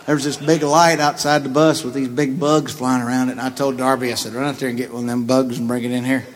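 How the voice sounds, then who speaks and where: A man who is a comedian guest, telling a long anecdote in a profane, laughing, animated way. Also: mid-range voice, quick pace. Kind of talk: storytelling anecdote.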